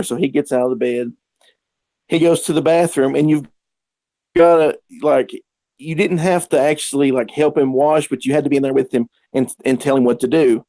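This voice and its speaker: A man's voice: medium pitch, steady tone, moderate pace, dark tone, dry recording. A man telling casual, rambling stories as a podcast guest, acting out the quotes. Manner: rambling anecdotes with acted-out quotes. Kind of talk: casual storytelling.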